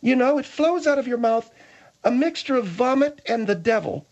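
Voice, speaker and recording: Woman playing prim, scolding lady, a bit high. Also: animated, normal speed, a little mellow, dull audio, a little hiss or hum, natural voice.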